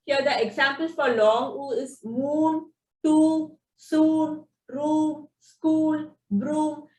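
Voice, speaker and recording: A woman teaching phonics, explaining spelling rules slowly and sounding out example words one by one. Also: sits high. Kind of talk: slow instructional explanation. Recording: echoey room, distant from the mic.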